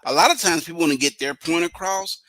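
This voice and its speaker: A man co-hosting a podcast as a business coach, an animated storyteller who acts out the dialogue of his examples. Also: a little high, fast talker, dry recording, rough recording. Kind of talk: conversational podcast talk.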